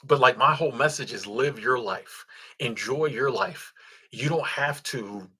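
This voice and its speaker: A man's voice: medium pitch, a little slow, bright, forceful tone, husky. A man, hosting a casual livestream, reading viewer comments and thanking supporters in a laid-back, chuckling way with lots of ums and restarts. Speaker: livestream host.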